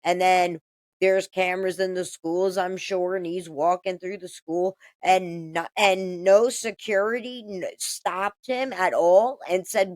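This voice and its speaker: A woman's voice: lowish voice, steady tone, unhurried, darkish tone, dry recording. A woman commentator talking to her viewers in a casual vlog, indignant and rambling, swearing often and restarting her sentences.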